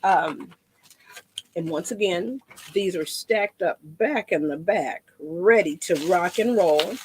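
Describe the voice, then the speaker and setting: A woman's voice: fairly low pitch, slow, darkish tone, slight background noise. A woman demonstrating a painting craft in a chatty, rambling way, often repeating her words.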